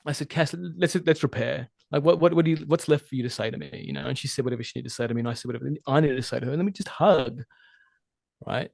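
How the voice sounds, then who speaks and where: A man talking as a relationship coach in a podcast interview, animated and emphatic, swearing freely. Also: medium pitch, very fast, vocal fry, no room sound, studio quality. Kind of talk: casual interview conversation.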